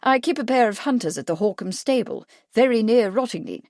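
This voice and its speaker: A woman's voice: fairly high pitch, lively intonation, a little fast, a little mellow, no room sound, pitched above the performer's own voice, close to an everyday voice. Lady narrator doing a genial posh hunting gent, a bit raised, dry close. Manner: genial, objecting politely. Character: genial wealthy hunting gentleman, man.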